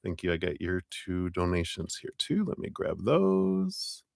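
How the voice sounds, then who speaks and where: Chatty low-voiced man on a live stream. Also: big pitch swings, measured pace, creaky, no echo, clean studio sound. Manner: chatty and upbeat, laughing often between thanks. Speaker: tarot reader hosting a live stream. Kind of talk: casual live-stream shout-outs to viewers.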